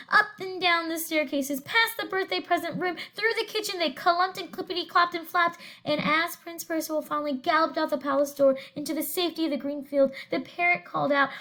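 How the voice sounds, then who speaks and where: A woman teacher with a high voice reads a storybook to her class in an animated, expressive way. She stops now and then to ask the students questions about the pictures. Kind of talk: reading a picture book aloud to students.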